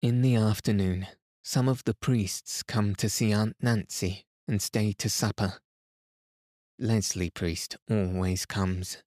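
A man reading a classic novel aloud as a calm bedtime story, gentle and even. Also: lowish voice, slow, no room sound, studio quality. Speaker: podcast reader.

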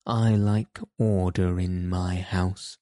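A man's voice: low-pitched, flat delivery, slow, warm tone, no room sound, clean studio sound. A man reading as a selfish, harsh young brother. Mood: scornful. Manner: curt, scornful.

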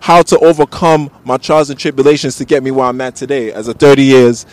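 Laid-back guest. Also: male voice, medium pitch, brisk, no room sound. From United States (Bronx), raised partly in Jamaica. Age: 30s. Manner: relaxed, laughs easily, peppered with "you know what I'm saying". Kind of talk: casual interview talk.

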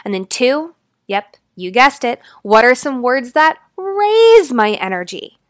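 High-voiced woman life coach on a podcast. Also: animated, dry recording, studio quality. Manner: dramatic shifts between fast loud and slow quiet delivery.

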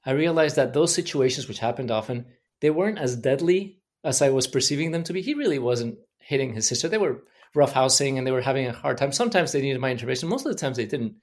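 A man's voice: medium pitch, animated, fast talker. A man from Mexico speaks as a podcast guest in an earnest, candid way. He reflects openly on his own habits as a parent and keeps a mid-range voice. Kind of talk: reflective personal storytelling.

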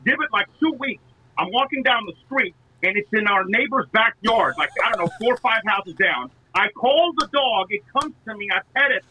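Lively high-voiced man telling stories. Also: moderate pace, a little hiss or hum, rough recording. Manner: rambling storytelling with restarts. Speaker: guest calling in. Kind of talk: casual podcast chat.

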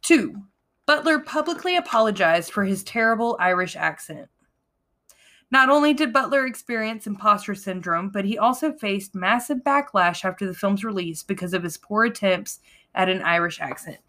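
An American woman co-hosting a podcast, chatting casually and reading out trivia with animated emphasis and frequent laughter. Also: medium pitch, moderate pace. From United States. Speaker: podcast co-host.

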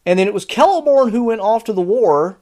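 A man's voice: high-pitched, expressive, fairly quick, a little mellow. Exasperated, sarcastic man reviewing a series. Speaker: podcast host reviewing a series. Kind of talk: casual commentary.

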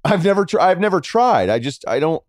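A man's voice: brisk, dry recording, studio quality. A middle-aged man, a podcast guest, talking sports in a casual, sarcastic way. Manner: animated, sarcastic, jumping between high and low.

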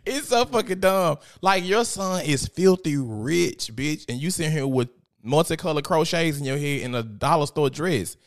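A man's voice: a little high, normal speed. A man giving casual, profane, gossipy commentary as host, often laughing.

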